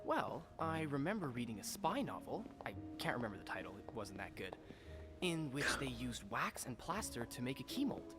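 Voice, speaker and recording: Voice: medium pitch, sing-song, normal speed, over music, close to an everyday voice. An actor voicing a bookish, thoughtful young game companion who talks with hesitant musing. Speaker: game character Nocturne. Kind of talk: video game voice acting.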